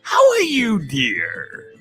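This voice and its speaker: A man's voice: high-pitched, wildly swooping pitch, drawn-out words, bright, forceful tone, faint music behind, exaggerated voice. A man doing an impression of a fussy, nosy male celebrity interviewer with a squealing, theatrical manner.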